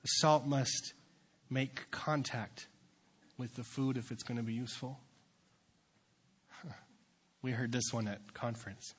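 A young man preaching as a youth pastor, dropping into quiet asides and then building to loud, fervent exhortation. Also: medium pitch, steady tone, a little slow, pauses often, slightly rough. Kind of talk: sermon.

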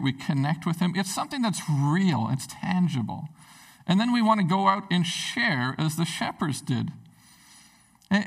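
A man preaching a sermon, talking earnestly and conversationally and often restarting his sentences. His voice is gravelly with some fry and sits fairly high. The sound comes from a mic set back from him. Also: far from the mic, poor audio. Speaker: pastor.

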